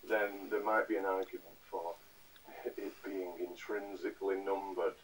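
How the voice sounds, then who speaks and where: A man with a low voice speaks haltingly, often restarting his words. He sounds far from the mic in a played recording. Faint noise and clicks run underneath. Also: flat delivery. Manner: halting and tentative. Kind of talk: recorded lecture clip.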